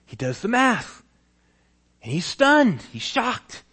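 A man's voice: sits high, slow, slightly rough. A male pastor preaching a sermon, telling a story vividly and acting out its scenes. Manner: animated storytelling, acts out scenes.

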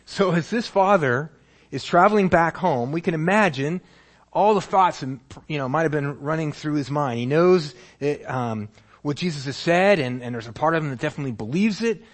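Man, pastor, sermon, lively storytelling, husky voice, slightly high pitch. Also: normal speed. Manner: animated storytelling, acts out scenes.

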